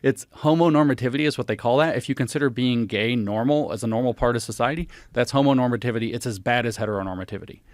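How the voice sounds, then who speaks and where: Podcast guest, male, emphatic, animated explainer, close dry studio mic. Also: mid-range voice, quick pace, few pauses, dry recording. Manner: emphatic, animated, cites sources. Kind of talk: conversational explanation.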